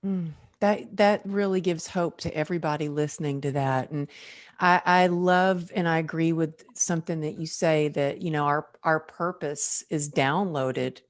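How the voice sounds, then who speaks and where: A woman's voice: low-pitched, fairly even intonation, moderate pace. A woman hosting a podcast interview, responding with affirming, gushing remarks. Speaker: podcast host. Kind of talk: interview chat.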